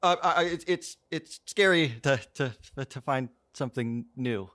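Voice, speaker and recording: A man's voice: medium pitch, normal speed, pushed and bright, pitched above the performer's own voice, close to an everyday voice. A man voicing a nervous male anxiety emotion, stammering and hesitating throughout.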